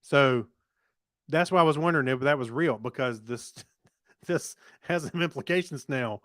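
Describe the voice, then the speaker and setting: A man co-hosting a podcast, chatting casually with quick asides and restarts. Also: mid-range voice, a bit bright, dry recording, clean studio sound. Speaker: podcast co-host. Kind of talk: casual tech news chat.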